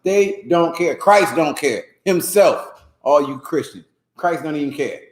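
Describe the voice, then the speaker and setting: Brief: male class instructor, casual and animated, lively pitch swings, echoey room. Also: measured pace. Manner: animated, laughing, mock voices. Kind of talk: casual teaching commentary.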